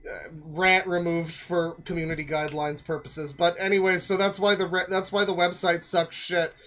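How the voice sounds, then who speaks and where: A man's voice: high-pitched, little pitch movement, normal speed, sharp tone. A male streamer giving casual, rambling reaction commentary full of jokes and fillers. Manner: rambling, joking, many fillers.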